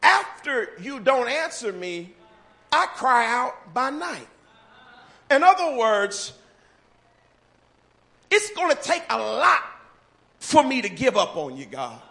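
Preacher, man, high bright voice, slow deliberate delivery that builds to shouts. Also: sing-song, vocal fry. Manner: preaching with rising shouts and sung phrases. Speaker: pastor. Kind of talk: sermon. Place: church sanctuary.

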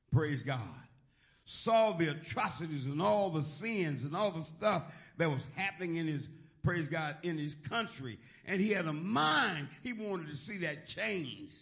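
A middle-aged male pastor preaching a sermon, leading the congregation in call and response, often saying "praise God" and building up to shouts. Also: on the high side.

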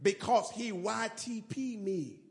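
A man preaching a sermon, leading call-and-response and rising to shouts. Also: high-pitched, slow pace.

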